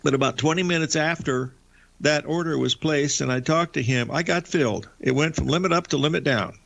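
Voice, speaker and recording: A man's voice: a little high, brisk, creaky, a bit bright. A man in his seventies hosting a talk show, telling a rambling, folksy anecdote with many restarts and asides to the audience. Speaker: radio show host and veteran trader.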